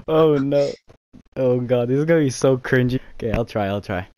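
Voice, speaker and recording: A man's voice: medium pitch, animated, normal speed, mellow, dry recording. Man, gaming host, casual chat, self-mocking, giggly, dry sound. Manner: giggly, self-mocking, says "you know" often.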